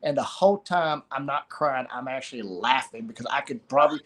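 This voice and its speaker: A middle-aged man, telling a personal story of loss in a halting way, pausing and repeating words. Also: medium pitch, fairly bright tone. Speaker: guest sharing a story of loss.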